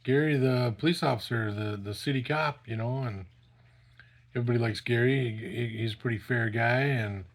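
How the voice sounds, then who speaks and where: A man's voice: mid-range voice, moderate pace. A middle-aged man casually telling a personal story, rambling and profane, with plenty of fillers.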